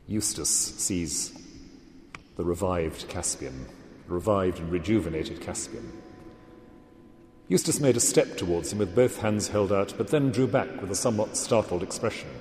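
A man giving a measured, reflective literary lecture and reading passages aloud. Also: low-pitched, a little mellow, slight background noise. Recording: echoey hall with long reverb.

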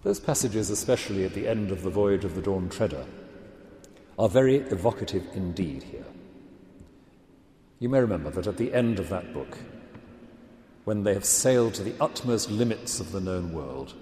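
Man, lecturer, measured and reflective, mellow low voice, long hall reverb. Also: expressive. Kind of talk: literary lecture with read-aloud passages.

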